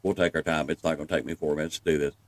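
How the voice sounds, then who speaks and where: A man with a deep, rumbling voice and a Southern US accent talks fast in a steady tone. He gives folksy, reassuring commentary over gameplay as a guide, walking viewers through each step.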